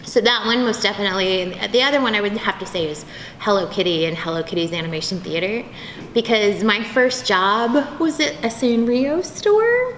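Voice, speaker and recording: A woman voice actress telling stories in a convention interview, bubbly and animated, slipping into quick impressions. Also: medium pitch. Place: convention venue. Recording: echoey convention room, faint background noise.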